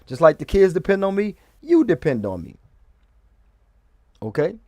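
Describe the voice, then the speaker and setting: Male vlogger, loose rambling commentary with restarts; somewhat high voice. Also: very animated, moderate pace, darkish tone, no room sound. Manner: rambling with restarts, often asking "okay?". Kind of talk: casual commentary.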